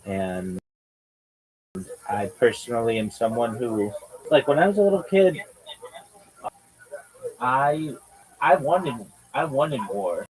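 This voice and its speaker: Man, livestream host, drawn-out slangy and profane chatter, mid-pitched. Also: animated, darkish tone, low-quality recording. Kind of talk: casual livestream chat.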